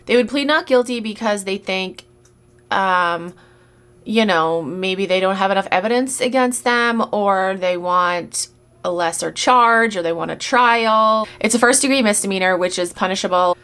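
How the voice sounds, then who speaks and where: A woman's voice: medium pitch, moderate pace, fairly bright tone, clear, resonant tone. A woman vlogger who resells goods, talking casually and bluntly, swearing freely and sounding exasperated. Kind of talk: casual rant commentary.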